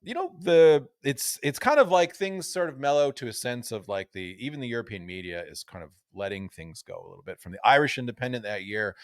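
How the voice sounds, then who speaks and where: A man co-hosting a golf podcast in a casual, chatty tone, often reading old newspaper quotes aloud. His voice sits at a middling pitch, and the recording is close and dry with little room sound. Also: lively intonation, brisk, hardly any pauses, no room sound. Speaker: podcast co-host.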